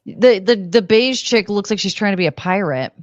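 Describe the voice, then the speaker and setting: Blunt woman with a lively, dull-sounding voice. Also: mid-range voice, normal speed, dry recording. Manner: blunt, frank and swearing. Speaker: co-host. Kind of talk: casual reaction commentary.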